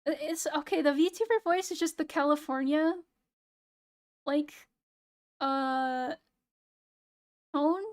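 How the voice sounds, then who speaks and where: A young woman with a fairly high voice chats casually to her stream in a hoarse, flat, near-monotone way. Her delivery stays low in energy and sounds close to tears. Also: slow pace, long pauses. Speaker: VTuber streamer. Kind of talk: casual late-night stream chat.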